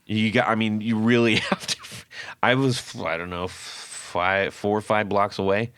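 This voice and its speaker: A man hosting a podcast, telling a story in a casual, animated way and acting out what people said. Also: lowish voice, a little slow, clean tone, dry recording, clean studio sound. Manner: animated, acts out quotes with laughs. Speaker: podcast host.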